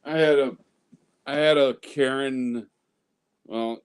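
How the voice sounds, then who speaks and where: A man with a mid-range voice chats casually on a stream. He tells his story in a halting way, often stumbling and restarting on his words. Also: medium pitch, fairly even intonation, smooth. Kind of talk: casual chat.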